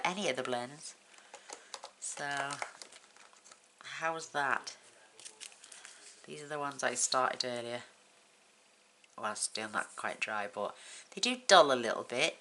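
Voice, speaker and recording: Woman from the UK, very low voice, friendly craft-channel host talking through a tutorial at home, noticeable background noise. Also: measured pace, long pauses. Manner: chatty, counts items aloud, talks while working.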